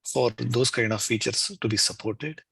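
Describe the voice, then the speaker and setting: A man's voice: mid-range voice, fairly even intonation, moderate pace, gravelly, a bit bright, husky, no echo. A man on a video call giving tentative review suggestions, with lots of "maybe". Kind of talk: meeting feedback.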